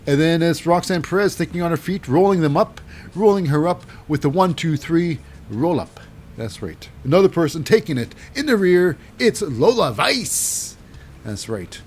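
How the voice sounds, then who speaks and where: A man's voice: medium pitch, a little mellow, slight background noise. A man casually recapping wrestling matches in a rambling, wry way with lots of fillers.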